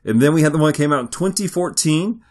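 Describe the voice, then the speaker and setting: An upbeat man co-hosts a podcast in easy, casual chat. His voice moves lively up and down, and his delivery stays playful and talkative throughout. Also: a little high, fast. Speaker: podcast co-host.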